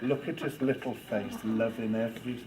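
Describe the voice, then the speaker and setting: A man with a mid-range voice runs a storytelling workshop for students, speaking at a moderate pace with a steady tone. His lively delivery is playful, demonstrative and teasing, and loud background noise fills the recording.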